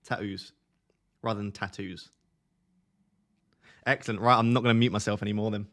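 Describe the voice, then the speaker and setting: A man's voice: lowish voice, steady tone, brisk, fairly bright tone. A young man with an Essex accent, hosting a casual live stream and chatting back to his viewers. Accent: Essex English. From Essex, England. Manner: chatty, reads and answers viewer chat. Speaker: livestream host. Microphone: close desk microphone.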